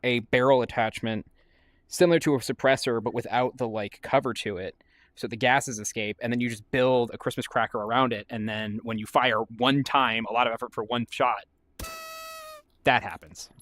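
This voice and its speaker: A man's voice: mid-range voice, fairly even intonation, normal speed, a bit bright, dry recording. A man chatting casually and wryly while he plays a game on stream. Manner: wry, rambling commentary. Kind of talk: casual gameplay chat.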